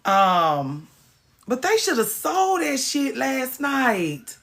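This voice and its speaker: Bright-voiced woman ranting on a livestream. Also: sits high, wildly swooping pitch, drawn-out words. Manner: ranting, swearing, greets viewers by name. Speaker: livestream host. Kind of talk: casual livestream chat.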